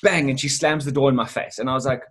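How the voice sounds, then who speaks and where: A man as an interview guest, telling a sales story in a lively, animated way with casual swearing. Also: medium pitch, fast talker. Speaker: guest, sales business owner.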